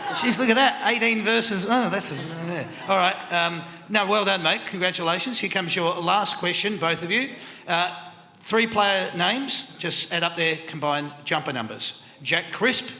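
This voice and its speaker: The quiz host, an Australian man, speaks in a high-pitched, sharp voice at a moderate pace during a live panel show segment. Set in a country club function room, his upbeat, chatty hosting is punctuated by frequent laughter, while the echoing hall carries crowd noise.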